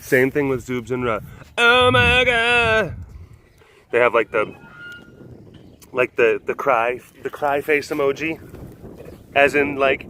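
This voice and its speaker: A man hosting a casual vlog outdoors at an animal compound, rambling playfully with lots of fillers and cooing softly at the animals. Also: medium pitch, fairly even intonation, a little slow, long pauses, a little hiss or hum. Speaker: host.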